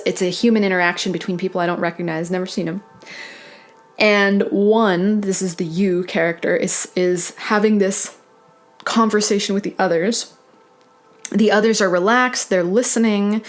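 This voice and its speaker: Meandering, dreamy woman tarot reader. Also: lowish voice. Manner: dreamy, meandering, self-correcting with soft laughs. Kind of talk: intuitive tarot reading to camera.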